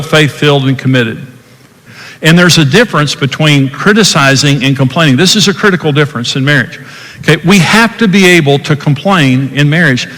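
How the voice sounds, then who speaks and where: A man's voice: on the high side, sharp tone. An older man hosting a podcast, teaching about marriage in an earnest, emphatic way. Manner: earnest, emphatic, acts out quoted dialogue. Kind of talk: teaching talk. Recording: long hall reverb.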